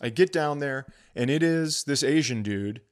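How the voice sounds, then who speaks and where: A middle-aged man co-hosting a podcast, telling a comic story in casual chat, animated and swearing freely. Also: medium pitch, normal speed. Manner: animated, swearing, voices others in quotes. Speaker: podcast co-host, comedian.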